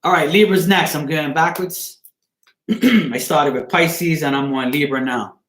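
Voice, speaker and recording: A man's voice: fairly high pitch, unhurried, a bit bright. A man giving a casual live-stream tarot reading, blunt and crude, rambling and often asking "you know what I'm saying". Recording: echoey room.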